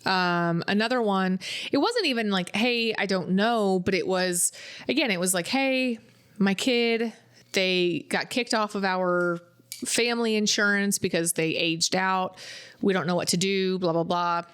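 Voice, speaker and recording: Clear and resonant, her medium-pitched voice is a bit bright and moves at a measured pace as she co-hosts a podcast. She chats casually, telling stories and acting out her clients' quotes.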